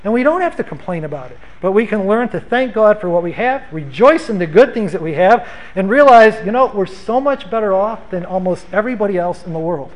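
A man's voice: high-pitched, expressive, brisk, rough recording. A man preaching a sermon as pastor, in an earnest, conversational way with rhetorical questions.

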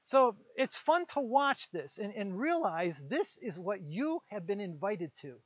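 A man with a high voice preaches a casual sermon, retelling a Bible story and slipping into quick voices for its characters. The sound is dry and a little dull, like a lo-fi recording. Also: very animated, dry recording. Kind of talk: conversational sermon.

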